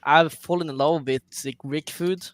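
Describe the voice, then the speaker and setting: Playful man, a touch high-pitched, joking in a casual Q&A. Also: fairly even intonation, normal speed, no echo. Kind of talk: casual Q&A chat.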